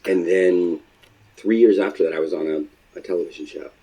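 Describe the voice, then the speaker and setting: A man giving reflective interview answers in a halting way, with frequent pauses and fillers. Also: low voice, steady tone, dark tone, slightly rough, low-quality recording. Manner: halting, hesitant, with many fillers.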